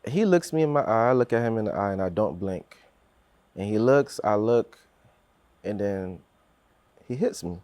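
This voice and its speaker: A man's voice: lowish voice, lively intonation, normal speed, pauses often, darkish tone, dry recording. A man telling a personal story on a podcast in earnest, acting out what others said, with many restarts.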